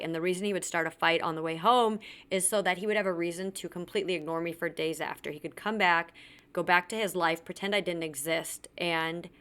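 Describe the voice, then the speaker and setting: On her podcast, a woman with a smooth, slightly bright voice on the low side shares a personal story. She is blunt and frank about it, cursing without restraint and performing other people's lines.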